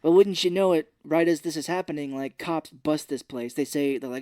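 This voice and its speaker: A man's voice: on the high side, fairly quick, no echo, studio quality. A man co-hosting a casual film podcast, animatedly retelling the plot scene by scene. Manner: animated retelling with playful put-on voices. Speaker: podcast co-host. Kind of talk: casual film recap chat.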